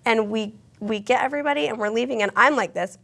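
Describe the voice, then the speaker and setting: A woman's voice: a little high, fast talker, gravelly, fairly bright tone. A young adult woman co-hosting a casual panel chat, talking in a chatty, filler-heavy way and laughing often. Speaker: co-host.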